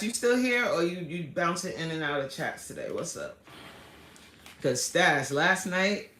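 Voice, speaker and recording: Casual woman streamer, lively and laughing, sharp bright tone in an echoey home room. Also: lowish voice. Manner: animated and chatty, laughs a lot, slangy street talk. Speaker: livestream host. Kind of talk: casual live chat, reading out viewer comments. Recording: roomy echo.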